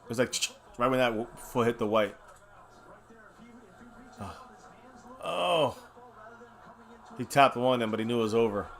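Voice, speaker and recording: A man's voice: medium pitch, unhurried, vocal fry, pauses often. Tipsy, cursing man reacting to football. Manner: profane, excitable, swings from mutters to shouts. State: has been drinking. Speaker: host of a fan watch-party stream. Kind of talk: live game reaction and chat.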